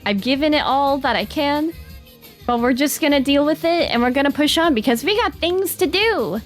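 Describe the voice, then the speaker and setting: A young woman with a Southern American accent streams as a VTuber, reading and chatting with her live chat in a bubbly, dramatic, casual way. Her voice is high-pitched and animated at a moderate pace, with faint music playing behind her.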